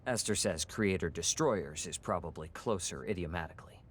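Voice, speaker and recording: An actor playing an analyst who explains the findings on alien ruins in technical terms. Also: male voice, deep voice, moderate pace, a little hiss or hum, close to an everyday voice.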